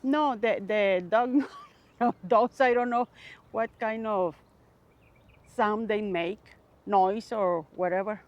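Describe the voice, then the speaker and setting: Woman, playful and giggly, slow-paced casual talk. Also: medium pitch, highs cut off. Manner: playful, mimics animal sounds, giggly. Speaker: vlogger's wife. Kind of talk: casual chat while walking a trail. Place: outdoors on a river trail.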